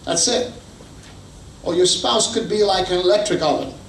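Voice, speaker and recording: Pastor preaching in an echoey hall. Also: male voice, sits high, normal speed, fairly bright tone. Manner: storytelling, acts out quotes. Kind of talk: sermon. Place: church hall. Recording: echoey hall, distant mic, faint noise.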